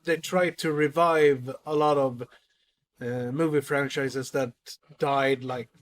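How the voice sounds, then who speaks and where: A man's voice: mid-range voice, fairly even intonation, takes it slowly. A man co-hosting a podcast, chatting casually about films and often restarting his words. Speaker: podcast co-host. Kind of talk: casual film chat.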